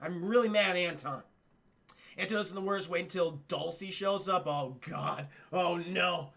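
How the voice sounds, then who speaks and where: A man hosting a livestream cartoon review, excitable and profane, who keeps talking to his chat. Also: high voice, brisk. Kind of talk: casual livestream commentary.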